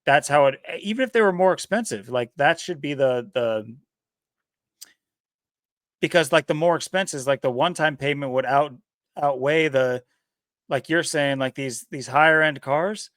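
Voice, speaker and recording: A man co-hosting a podcast in casual chat, talking in a rambling, animated way. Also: on the high side, normal speed, no echo, studio quality. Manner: rambling, animated, laughs often. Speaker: podcast co-host.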